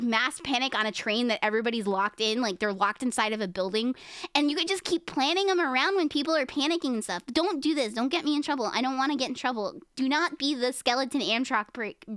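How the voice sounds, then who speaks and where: A woman with a high, lively voice that leaps up and down. She chats casually with her viewers, rambles from thought to thought and giggles often. The sound is dry and close. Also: no room sound. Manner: rambling, giggly, talks to chat. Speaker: streamer. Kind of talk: casual chat.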